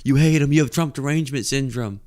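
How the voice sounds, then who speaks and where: A man voicing an angry, sneering male heckler who shouts insults. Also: mid-range voice, fast, natural voice.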